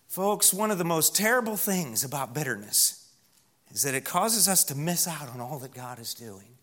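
Pastor, man, bright and slightly high voice, emphatic sermon delivery that sinks to a hush on key words, church setting. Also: measured pace.

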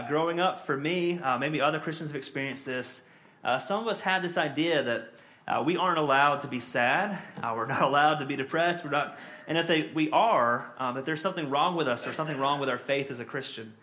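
A man preaching a sermon as pastor, earnest, reading scripture slowly and talking it through with frequent fillers. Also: medium pitch, pushed and bright.

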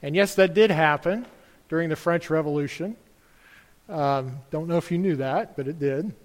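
Man preaching in church; earnest, questioning delivery, high-pitched, ringing reverb. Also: normal speed. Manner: earnest, rhetorical questions to the congregation. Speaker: pastor. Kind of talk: sermon.

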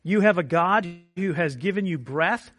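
A man preaching a sermon, moving from quiet, measured explanation to loud, impassioned appeals. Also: sits high, lively intonation. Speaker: pastor.

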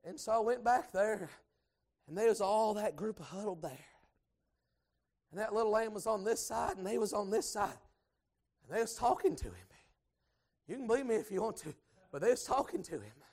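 A man preaching a storytelling sermon in folksy speech, swinging from hushed asides to shouted exhortation. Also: high voice. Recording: church service with congregation responses. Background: congregation.

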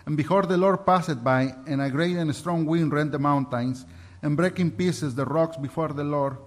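Earnest man preaching a testimony sermon. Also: a little high. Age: adult. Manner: earnest, halting, with restarts. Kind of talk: sermon mixing Bible reading and personal testimony.

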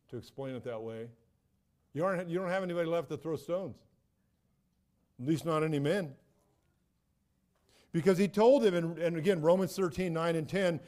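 A man's voice: on the high side, darkish tone. A middle-aged man preaching a sermon as a pastor, emphatic and repetitive, often restarting his phrases.

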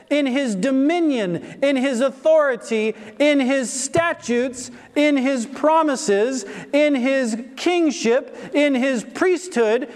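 A man preaching a sermon, slow and deliberate, stressing repeated phrases with emphasis. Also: very high voice. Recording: long hall reverb.

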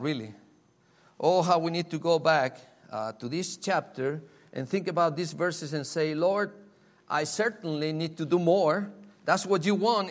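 A man preaching a sermon in a slow, earnest way, often repeating key phrases. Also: fairly high pitch.

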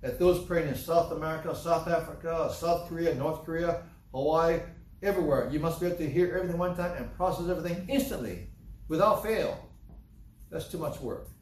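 Far from the mic in an echoey room, a man with a slightly high voice preaches fairly quickly. His sermon is emphatic and repetitive, full of rhetorical questions and passages of scripture read aloud.

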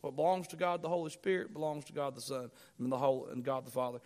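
A man's voice: mid-range voice, fast talker, darkish tone. A male pastor preaching a sermon, quoting scripture in old-fashioned wording and repeating lines with swelling emphasis. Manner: quotes scripture in King James wording.

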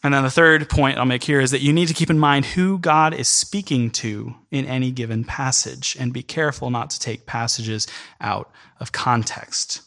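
A man preaching a sermon in an earnest, emphatic way, speeding up in bursts and then slowing down. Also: mid-range voice, fairly even intonation, gravelly, fairly bright tone. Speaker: pastor. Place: church in New York City.

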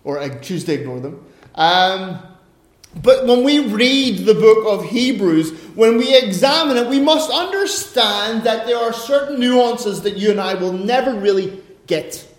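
An Irish man preaching a sermon as a pastor, chatty and anecdotal, poking gentle fun at himself. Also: sits high, expressive, a little slow. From Ireland. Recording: roomy echo.

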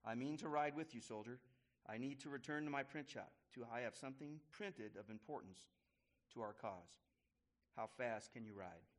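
A man's voice: mid-range voice, lightly acted. A man voicing an eager, impatient male pamphleteer who insists and draws out his words. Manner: insistent, drawn-out syllables.

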